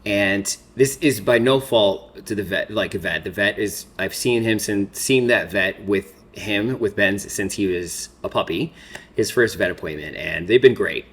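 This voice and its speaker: Male makeup vlogger in his 30s, slightly low voice, rambling casual chat, fighting tears. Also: unhurried, fairly bright tone. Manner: rambling, filler-heavy storytelling. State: holding back tears. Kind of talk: casual get-ready-with-me chat.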